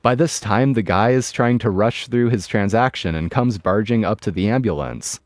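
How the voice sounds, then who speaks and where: A man's voice: lowish voice, moderate pace, dry recording. A man reading a first-person story in a wry, matter-of-fact scripted narration. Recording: dry close mic with music bed.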